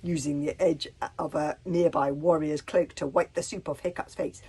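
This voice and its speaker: Husky woman reading a storybook aloud. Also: low voice, fairly even intonation, moderate pace, hardly any pauses, mellow. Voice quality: husky, often drops to a breathy near-whisper. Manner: casual, with asides and small stumbles. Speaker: reader. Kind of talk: reading a children's book aloud.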